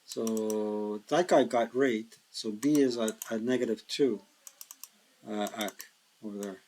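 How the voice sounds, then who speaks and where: A tired man thinking aloud in a slow mutter as he plays a board wargame solo, counting hexes and working out dice rolls. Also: fairly low pitch, dark tone, slight background noise, low-quality recording. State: tired, yawning.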